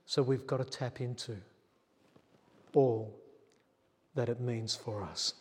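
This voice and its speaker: Man, pastor, chatty storytelling sermon, medium pitch, long hall reverb. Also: steady tone, slow pace, darkish tone, breathy edge. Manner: chatty, acts out quotes, laughs at himself.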